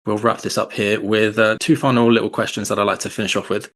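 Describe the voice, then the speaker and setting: A man hosting a podcast interview, asking questions and summing up in a measured, appreciative way. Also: lowish voice, flat delivery, fairly bright tone. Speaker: podcast host.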